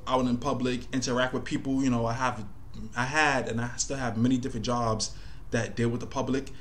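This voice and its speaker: A man's voice: mid-range voice, a bit bright. A man hosting a casual commentary video, talking loosely and thinking aloud with lots of fillers. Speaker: commentary host.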